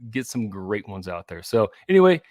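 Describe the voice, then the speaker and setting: A man's voice: lowish voice, moderate pace, dry recording, studio quality. A man co-hosting a casual whiskey podcast, upbeat and chatty as he runs through the show's business. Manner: upbeat, animated promo patter. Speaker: podcast co-host.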